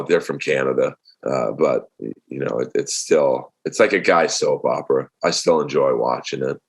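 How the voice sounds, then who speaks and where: Male comic guest, deep voice, rambling and easygoing with lots of fillers. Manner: relaxed storytelling with many fillers. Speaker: stand-up comedian guest. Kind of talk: casual interview talk.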